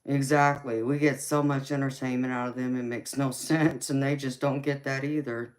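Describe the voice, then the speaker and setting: A woman's voice: rumbling low, flat delivery, normal speed. Georgia woman chatting with live viewers. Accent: Southern US, Georgia. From Southern United States. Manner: reads chat comments aloud, laughs often, calls viewers honey and sweetheart. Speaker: tarot reader and livestream host. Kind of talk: casual live-chat stream.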